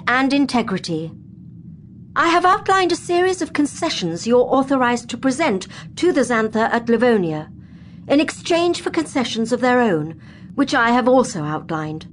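Brief: measured, dignified female head of state, as a woman plays her. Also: sits high, slight background noise. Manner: formal, measured speech-making.

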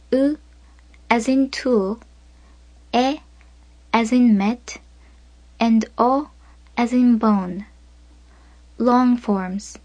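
A woman reading a scripted language lesson, pronouncing each syllable slowly and carefully. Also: fairly high pitch, dry recording. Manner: slow, deliberate, careful pronunciation of syllables. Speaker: language instructor.

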